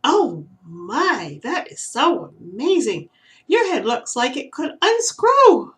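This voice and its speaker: A woman reading aloud and voicing a timid young male flying squirrel with a squeaky, excitable voice. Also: slow pace, recorded from a distance. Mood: amazed. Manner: breathless, excited high exclamations.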